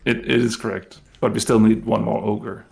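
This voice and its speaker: A man's voice: lowish voice, flat delivery, moderate pace, gravelly, a little mellow. A man co-hosting a live game stream, chatting casually in a dry, wry way. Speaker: co-host. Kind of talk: casual gaming stream chat.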